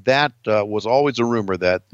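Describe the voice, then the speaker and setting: A man's voice: fairly low pitch, a little fast, no room sound, lo-fi sound. A man cohosting a podcast, chatting casually, swearing a lot and laughing easily. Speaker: podcast co-host. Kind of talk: casual profane chat.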